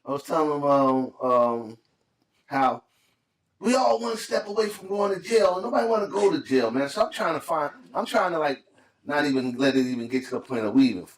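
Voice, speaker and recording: A man's voice: on the high side, a little fast. A middle-aged man in casual chat, telling stories and acting out the voices of the people in them. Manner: animated, acts out quotes in voices. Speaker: podcast co-host. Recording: echoey room, mic at a distance.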